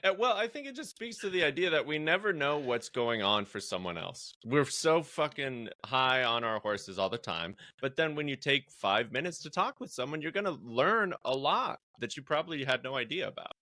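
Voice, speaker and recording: Chill podcast host guy, forceful clear voice, dry close mic, lots of yeah and mm-hmm. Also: mid-range voice, moderate pace, few pauses, dry recording. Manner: relaxed, easygoing, short affirming replies. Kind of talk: casual podcast chat.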